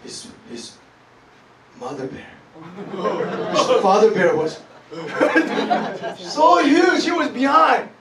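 Man, sermon, very high voice, lively pitch, roomy echo, distant mic, congregation around. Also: crowd noise. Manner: animated storytelling, halting word searches, frequent laughter. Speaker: preacher. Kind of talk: sermon with live interpreting. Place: church hall.

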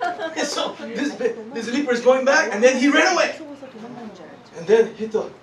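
A man preaching a sermon, animated and laughing as he tells a story, pausing often to search for words. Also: very high voice. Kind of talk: sermon with live interpreting. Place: church hall. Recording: echoey hall, distant mic, congregation.

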